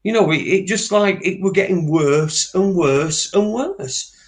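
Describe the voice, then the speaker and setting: A man from the north of England chats casually on a live stream. He rambles, swears freely and keeps restarting his sentences, in a voice that sits a little high for a man. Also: measured pace. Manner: rambling, swears a lot, many fillers and restarts. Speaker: co-host.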